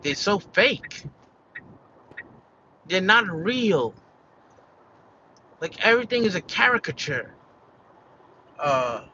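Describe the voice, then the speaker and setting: A man's voice: fairly high pitch, pushed and bright, lo-fi sound, a little hiss or hum. An American man venting in a casual, rambling vlog rant, peppered with "like" and "you know" and swearing. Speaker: vlogger.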